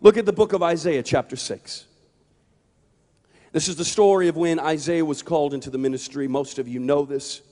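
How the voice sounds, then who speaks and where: Evangelist man, high voice, impassioned sermon in a reverberant hall. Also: normal speed. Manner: impassioned, building to shouts. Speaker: evangelist preacher.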